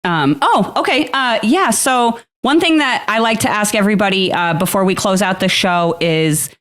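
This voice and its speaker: A woman's voice: mid-range voice, expressive, fairly bright tone. Upbeat woman asking a podcast question. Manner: friendly, upbeat, quick to laugh. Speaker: podcast co-host. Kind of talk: casual interview talk.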